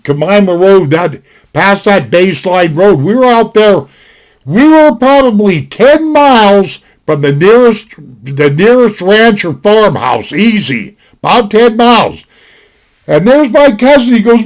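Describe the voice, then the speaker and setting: A man with a fairly high voice tells a rambling, folksy story at his desk. He restarts his sentences often and wanders into asides. His delivery stays casual and conversational throughout. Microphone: desktop recording.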